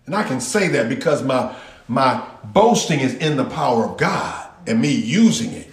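A man's voice: mid-range voice, lively intonation, normal speed, recorded from a distance. A man preaching a sermon in an emphatic, repetitive, folksy manner. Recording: roomy echo.

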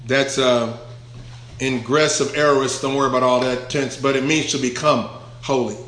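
A man's voice: mid-range voice, steady tone, moderate pace, a bit bright, roomy sound. A man preaching a verse-by-verse Bible sermon, emphatic, stretching key words out and putting questions to the congregation. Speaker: pastor.

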